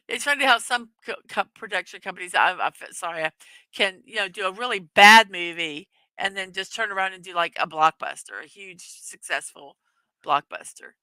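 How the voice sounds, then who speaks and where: A chatty woman hosting a live stream, giggling and filling her pauses with ums and uhs. Her voice is bright and clear. The sound is dry and close. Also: mid-range voice, no echo, low-quality recording. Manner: chatty, giggly, with many fillers. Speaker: livestream host. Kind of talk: casual live chat reading viewer comments.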